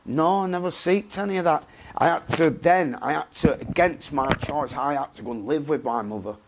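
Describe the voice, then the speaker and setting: A man, talking bluntly and haltingly in a candid interview, often repeating himself. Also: on the high side, noisy background. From England. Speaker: interview guest.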